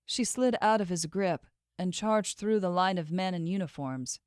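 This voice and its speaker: A woman narrating a fantasy romance novel in a measured, expressive storytelling voice. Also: on the low side, clear, resonant tone, dry recording, clean studio sound. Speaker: audiobook narrator. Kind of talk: scripted narration.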